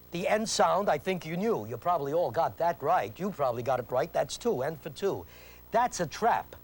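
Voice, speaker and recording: An emphatic man leads a memory-training lesson on an old instructional video. His voice sits a bit high and swings up and down with lively intonation. He hammers on rules, repeats them, and challenges the viewer to work out answers. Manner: emphatic, repeats key points, quizzes the viewer. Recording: 1980s VHS instructional tape.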